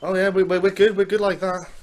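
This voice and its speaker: Chatty Manx-accented man, higher voice. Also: flat delivery, fast talker. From Isle of Man. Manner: chatty, rambling, self-deprecating. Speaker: podcast host. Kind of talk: casual interview chat.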